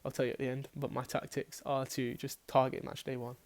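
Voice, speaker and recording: Speaking a little fast in a mid-range voice with not much pitch variation, a man talks loosely about who he's picking for his fantasy football team. He rambles, corrects himself, and swears casually throughout the chatty selection talk.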